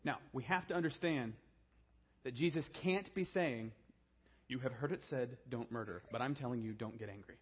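A man preaching a sermon, swinging from hushed, low emphasis to raised, urgent delivery. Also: moderate pace, slightly rough, muffled recording. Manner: dynamic preaching, drops to a hushed low voice then rises. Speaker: pastor.

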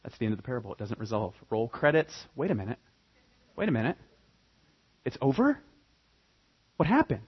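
A man preaching a sermon, telling the story with animated, dramatic emphasis. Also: mid-range voice, fairly quick, long pauses, slightly rough. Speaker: pastor. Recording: dull lo-fi recording.

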